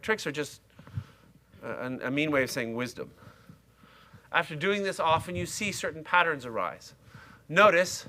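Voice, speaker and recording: A man's voice: on the high side, sharp tone. A middle-aged man lecturing a university class, chatty and self-mocking, talking straight to his students. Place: lecture hall.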